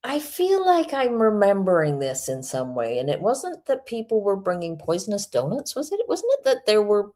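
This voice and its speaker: Hosting a stream, a woman reacts to a video clip with mocking, sarcastic commentary and frequent laughter. Her voice sits low and sounds mellow.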